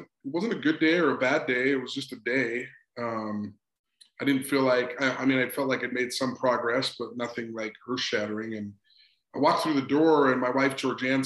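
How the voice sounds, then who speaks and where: A man in his forties, a sports psychologist as an interview guest, telling a personal story in a conversational way and acting out both sides of an old dialogue. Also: mid-range voice. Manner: animated, acts out both sides of a remembered dialogue. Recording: roomy echo.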